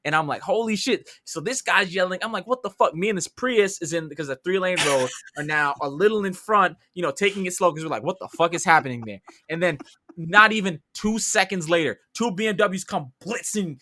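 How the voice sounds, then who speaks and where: Young new york guy on a podcast, bright punchy voice, a bit high, cursing and acting out every reaction, casual storytelling. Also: brisk, a little hiss or hum. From New York City area. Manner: animated, swearing, acts out his own reactions. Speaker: podcast co-host.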